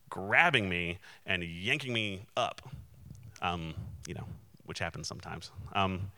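A man's voice: on the low side, bright, forceful tone, no echo. A man, a Christian minister, telling a personal testimony in an earnest, candid and emotionally open way. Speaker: Christian minister and conference speaker.

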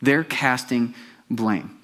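A man's voice: mid-range voice, very slow, fairly bright tone. A male pastor giving a conversational sermon, often putting questions to the congregation.

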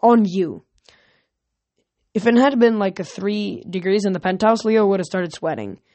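A woman reading a novel aloud at home in a plain, steady way, with small slips and restarts. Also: medium pitch, fairly quick, dry recording. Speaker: reader.

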